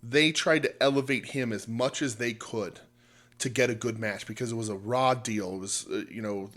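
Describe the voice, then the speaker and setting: A man's voice: medium pitch, moderate pace, a bit bright. Man, podcast co-host, casual chat, mid-range voice, rambling with fillers. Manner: rambling, many fillers and restarts.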